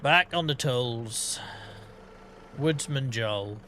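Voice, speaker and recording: A man in his forties talks casually to his livestream chat. His voice is bright and forward, and his manner is self-mocking and jokey, with light swearing as he plays. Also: mid-range voice, drawn-out words, a little hiss or hum. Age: 40s.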